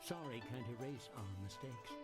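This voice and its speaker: A man's voice: mid-range voice, normal speed, natural voice. An actor playing a bitter, guilt-ridden old man in a video game, curt and withdrawn. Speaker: game character. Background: game music.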